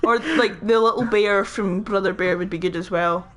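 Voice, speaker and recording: A woman chatting casually while playing a game, her pitch in the middle of the usual range. She rambles through her explanations and leans on fillers as she goes. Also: moderate pace, a bit bright. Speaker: gaming channel co-host. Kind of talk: casual chat during gameplay.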